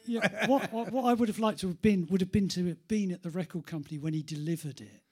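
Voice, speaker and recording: Husky man bantering with laughs. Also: sits high, darkish tone. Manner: laughs often, halting and repetitive. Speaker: podcast co-host. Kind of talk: live podcast banter.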